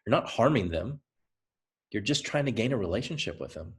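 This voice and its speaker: A man with a Southern US accent giving a motivational training talk to a team. He speaks in an energetic, conversational, coaching way and repeats points for emphasis. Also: fairly low pitch, a little fast. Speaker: presenter.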